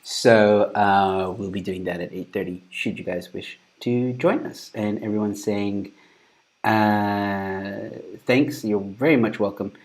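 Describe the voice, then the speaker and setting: A man's voice: on the low side, steady tone, slow, a little mellow. A man hosting a casual news commentary show, rambling loosely and breaking into laughter often. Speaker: show host.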